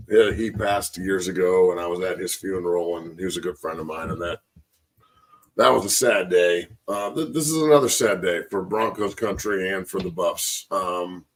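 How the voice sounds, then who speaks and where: A man with a low, gravelly, husky voice talks through sports memories in a loose, rambling way, choked up. His voice sits a little back from the mic. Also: distant mic, poor audio. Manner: rambling, reflective, with fillers. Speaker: sports show host, former player. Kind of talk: casual sports talk.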